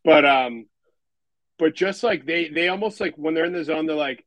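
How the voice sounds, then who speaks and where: A man's voice: fairly high pitch, moderate pace, a bit bright, no room sound, low-quality recording. Laughing, rambling male podcast host. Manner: rambling, laughing often, acting out quotes. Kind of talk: casual movie review chat.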